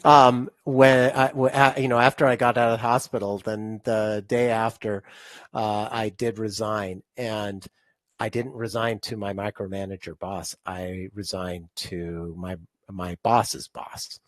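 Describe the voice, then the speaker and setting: A man's voice: on the low side, level tone, a little slow, no room sound. A man guest in an interview, explaining his ideas on stress in a conversational way, with many restarts and fillers. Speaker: podcast guest, stress-relief author.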